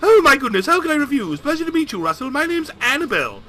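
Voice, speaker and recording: A man's voice: high voice, big pitch swings, fast, pushed and bright, a little hiss or hum, voice pushed up, full character voice. A man voicing a prim, fussy middle-aged mother who knits on a train. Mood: gushing. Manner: prissy, indignant, gushing.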